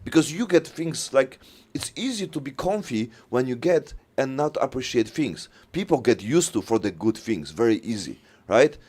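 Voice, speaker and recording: Halting podcast host, mid-pitched man. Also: sing-song, darkish tone, slightly rough. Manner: halting non-native English, many "you know" fillers. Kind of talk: casual conversation.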